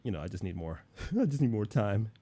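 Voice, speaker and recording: A man's voice: fairly low pitch, very animated, a little fast, mellow, breathy edge, no room sound. A man hosting a casual livestream chat, laid-back, repeating himself and saying dude a lot. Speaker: livestream host.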